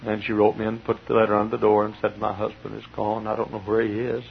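A middle-aged male pastor preaching a sermon in a large church, swinging from quiet storytelling to loud shouting, with a husky voice. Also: fairly low pitch, completely flat delivery, quick pace, a little hiss or hum. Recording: dull lo-fi church recording.

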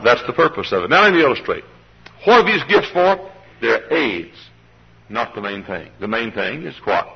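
A husky, breathy man preaches with a swooping, lively delivery. He calls on church members by name and gets the congregation to answer back. The old live recording sounds muffled and lo-fi. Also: mid-range voice. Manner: animated preaching with congregation call-and-response. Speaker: pastor. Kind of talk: sermon. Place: church service.

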